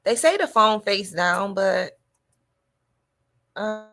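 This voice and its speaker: Woman, podcast host, comedic monologue, loud and animated, gravelly. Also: mid-range voice, slow. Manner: loud, animated, talking to listeners.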